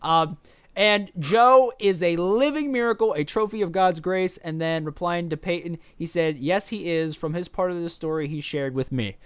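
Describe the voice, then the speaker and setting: Livestream co-host, man, jokey and chatty, crisp voice, dry sound. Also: high voice, moderate pace, no room sound, dull audio. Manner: chatty, jokey, reads out viewer comments. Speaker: podcast co-host. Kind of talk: casual livestream chat.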